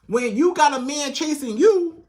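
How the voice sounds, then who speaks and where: A woman's voice: high voice, animated, unhurried, a little mellow. A woman relationship coach giving direct, emphatic advice to camera, repeating herself for stress and acting out quoted voices, with speech.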